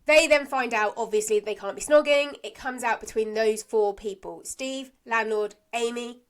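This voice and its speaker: A woman's voice: fairly high pitch, normal speed. A woman co-hosting a podcast, chatting casually as she recaps a soap, laughing often and acting out characters' lines. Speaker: podcast co-host.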